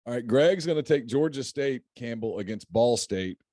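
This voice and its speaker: A man's voice: mid-range voice, animated, moderate pace, warm tone, dry recording, studio quality. A middle-aged man hosting a casual chat about game picks, joking and laughing often. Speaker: podcast host.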